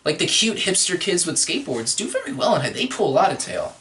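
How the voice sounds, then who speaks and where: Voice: medium pitch, sing-song, fast talker, fairly bright tone, a little hiss or hum. A podcast co-host in casual, jokey movie-review chat, rambling and crude with many restarts.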